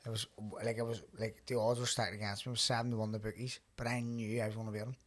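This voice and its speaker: A man's voice: lowish voice, level tone, very fast. Laid-back man, podcast host. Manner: laid-back, swears freely, tells stories. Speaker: podcast host and pro boxer. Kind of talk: casual podcast chat.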